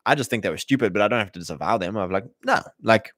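A man's voice: lowish voice, expressive, very fast, fairly bright tone, slightly rough, no echo, clean studio sound. A man hosting a livestream, rambling through casual political commentary and acting out quoted voices. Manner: rambling, many fillers and restarts, acts out quotes. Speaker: livestream host.

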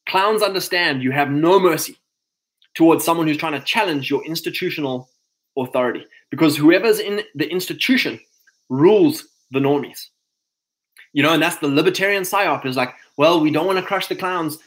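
A man talks to a group of men in a casual motivational style, his voice sitting a little high for a man. He speaks conversationally, repeats lines for emphasis and slips into quick acted-out quotes of what people say. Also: a bit bright, rough recording.

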